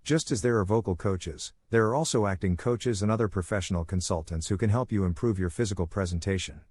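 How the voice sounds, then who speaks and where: Male audiobook narrator, lowish voice, measured read, dry close sound. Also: a little mellow, no echo. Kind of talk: scripted narration.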